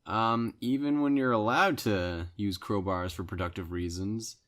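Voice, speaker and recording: A man's voice: lowish voice, fairly even intonation, unhurried, a bit bright. A young man co-hosting a podcast, riffing playfully and giggling through casual banter. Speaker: podcast co-host. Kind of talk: casual comedic chat.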